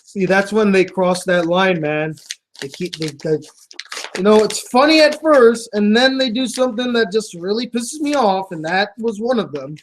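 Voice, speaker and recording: High-voiced sarcastic man reading mail. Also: moderate pace, slight background noise. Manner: sarcastic, laughs often while reading. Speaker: video host reading fan mail. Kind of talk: casual mail-reading vlog.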